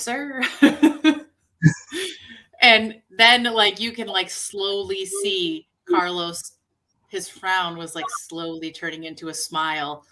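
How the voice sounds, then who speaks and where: Bright, giggly chatty woman. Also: lowish voice. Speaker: co-host and indie horror actress. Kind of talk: casual storytelling chat.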